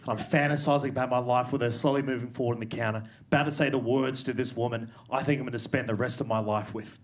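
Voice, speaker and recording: A man's voice: mid-range voice, fairly even intonation, quick pace, hardly any pauses. A man doing stand-up in a comedy club, brash and swearing, speaking into a handheld stage mic. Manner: brash, swearing, loud crowd-working delivery. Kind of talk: stand-up set. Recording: live club recording, crowd noise.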